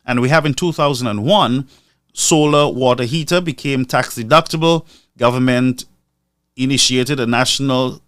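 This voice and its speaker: A man's voice: mid-range voice, fairly bright tone, no echo, clean studio sound. A man from Lucia, giving commentary on a live stream and repeating figures for emphasis. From Saint Lucia.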